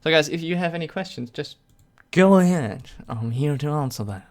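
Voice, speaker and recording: A man's voice: on the high side, lively intonation, moderate pace. A young man with a German accent who is native to German. He hosts a casual live stream and reads out chat questions, answering with sarcastic jokes and frequent laughter. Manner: sarcastic, joking, laughs often. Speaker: YouTube channel host.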